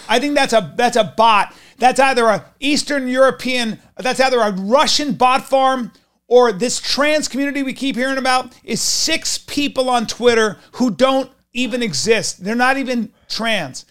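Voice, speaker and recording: Very high-voiced ranting man. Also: normal speed, fairly bright tone, smooth. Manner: profane, sarcastic ranting. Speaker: podcast co-host. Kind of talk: casual comedic chat.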